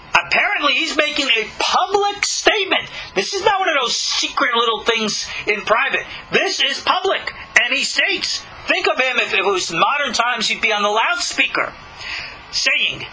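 A man giving a religious teaching, asking rhetorical questions and slowing down to read scripture aloud. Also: very high voice, sharp tone, slight background noise, rough recording. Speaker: Jewish teacher.

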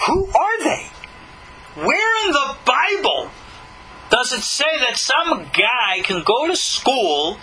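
A man giving a religious teaching, asking rhetorical questions and slowing down to read scripture aloud. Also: sits high, sharp tone, slight background noise, low-quality recording. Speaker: Jewish teacher.

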